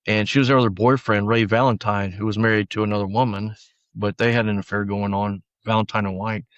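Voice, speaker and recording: A middle-aged man speaks low and steadily as he recounts a long story, often restarting and acting out what others said. The recording is dry, with a slightly muffled, dull sound. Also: fairly even intonation, fairly quick, no room sound. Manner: storytelling, frequent restarts, acts out quoted lines. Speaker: former sheriff's deputy, guest.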